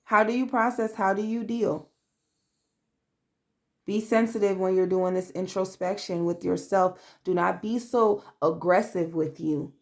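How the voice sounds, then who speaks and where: Blunt woman tarot reader, casual and profane, mid-pitched. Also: fairly even intonation, unhurried. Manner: blunt, profane, streetwise, calls listener babe; acts out quoted voices. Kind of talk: casual tarot reading to camera.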